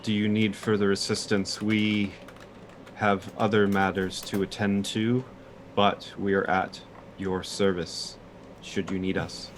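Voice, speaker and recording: A man's voice: fairly low pitch, little pitch movement, slow, slight background noise. A man voicing a reserved male cat-folk adventurer who speaks formally and deferentially.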